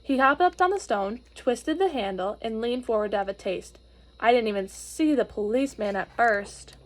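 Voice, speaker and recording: A woman reads a children's storybook aloud in an expressive, gentle way. She sometimes pauses to explain things to her listeners. Her voice sits fairly high.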